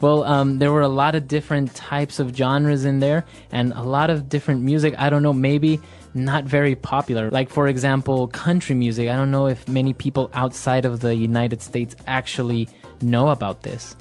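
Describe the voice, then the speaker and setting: A man co-hosting an English-learning podcast, asking leading questions in a relaxed teaching chat. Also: mid-range voice, moderate pace, faint music behind. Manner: asks leading questions, laughs easily.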